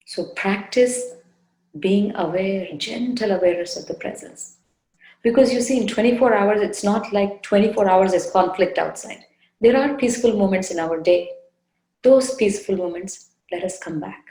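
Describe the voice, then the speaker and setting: Woman, satsang teacher, gentle coaxing delivery, mellow warm tone, roomy echo. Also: medium pitch. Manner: soft, unhurried, gently coaxing with repeated phrases. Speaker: spiritual teacher leading a satsang. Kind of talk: devotional talk with guided meditation. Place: indoor room.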